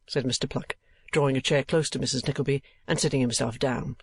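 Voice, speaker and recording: A man reading a classic novel aloud as an audiobook narrator, in a measured, expressive way. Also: mid-range voice, vocal fry, husky, no echo.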